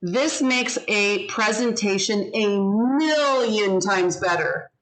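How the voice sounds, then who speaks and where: Slow-spoken woman teaching a video-call class. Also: medium pitch, rough recording. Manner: slow, deliberate, models inflection and syllables.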